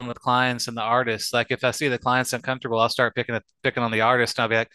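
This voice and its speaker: A man's voice: mid-range voice, level tone, fast talker, pushed and bright, clean tone, no echo. A man chatting as a podcast guest, joking, swearing and acting out the banter he tells. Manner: joking, swears often, acts out quoted banter. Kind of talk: casual chat.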